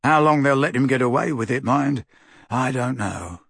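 A man's voice: medium pitch, expressive, normal speed, vocal fry, a bit bright, no room sound, studio quality. A man voicing a blunt, frank middle-aged wizard in a storybook reading, confiding and scornful.

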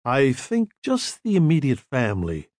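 A man's voice: mid-range voice, huge pitch swings, moderate pace, darkish tone, no room sound, clean studio sound. A man voicing a serious young doctor who speaks in an exquisitely polite, cool manner. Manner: coolly polite.

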